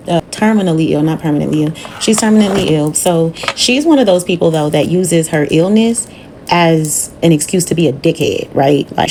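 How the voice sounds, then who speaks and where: A woman's voice: low voice, darkish tone, slight background noise. A woman nail technician telling a story from her work in a blunt, profane, casual storytime manner.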